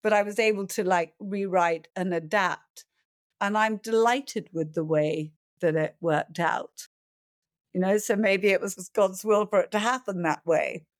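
A middle-aged woman, a film producer, answering interview questions in a calm, reflective way, sometimes acting out a panicked voice. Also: mid-range voice, a little slow, dry recording, studio quality. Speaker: film producer and director, guest.

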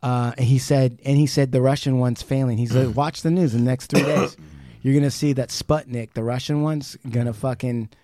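A man co-hosting a podcast, retelling a conversation in casual, animated chat, swearing freely and restarting sentences. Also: medium pitch, normal speed, no echo. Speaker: podcast co-host.

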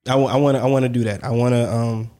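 A man's voice: medium pitch, fairly even intonation, very fast, mellow. A man co-hosting a casual podcast discussion, talking emphatically and repeating his points to drive them home. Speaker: podcast co-host.

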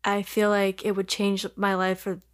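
Woman, podcast guest, reflective, earnest, medium pitch. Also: monotone, moderate pace. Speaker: podcast guest, host's sister. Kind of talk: casual chat.

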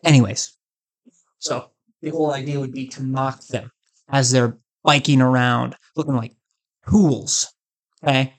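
Male comic host, loose rambling delivery, sarcastic jokes, mid-pitched voice. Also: steady tone, measured pace, long pauses. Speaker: comedic host.

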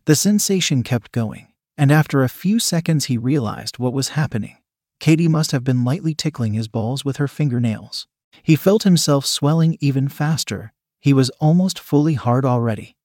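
A man narrating a scripted story in a measured, steady reading manner. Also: mid-range voice, dry recording, clean studio sound.

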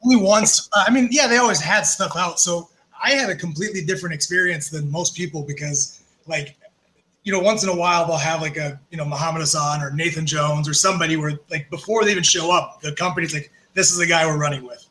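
A man's voice: on the high side, fast talker, a little hiss or hum, rough recording. A man guesting on a podcast, telling backstage stories in a loose, profane way, full of fillers. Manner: animated, profane, lots of fillers. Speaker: podcast guest, former wrestler. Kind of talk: casual storytelling.

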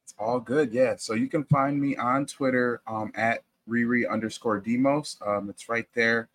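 A man's voice: mid-range voice, steady tone, moderate pace, a bit bright, no room sound. A man joining a sports podcast as a guest, easygoing, answering briefly. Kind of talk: casual sports podcast chat.

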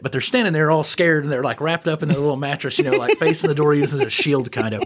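A man, a former prison officer, telling animated anecdotes on a podcast and chuckling as he acts out what people said. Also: medium pitch, rapid-fire, hardly any pauses, a little hiss or hum. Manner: animated, chuckling storyteller who acts out quotes. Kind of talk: casual anecdote storytelling.

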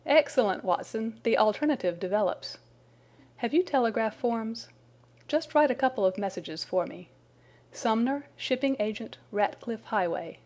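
Sherlock Holmes, read by a woman, crisp and confident. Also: medium pitch, darkish tone, lightly acted. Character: brilliant, confident Victorian male detective.

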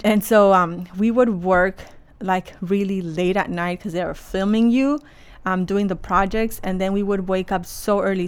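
A woman's voice: mid-range voice, smooth. A woman fashion designer telling the story of her career in a casual, chatty way, with lots of "like" fillers. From Los Angeles area.

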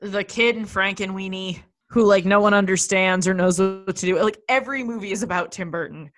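A woman's voice: medium pitch, brisk. Wry young woman podcast co-host. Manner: wry, thoughtful, dry humor. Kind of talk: casual movie chat.

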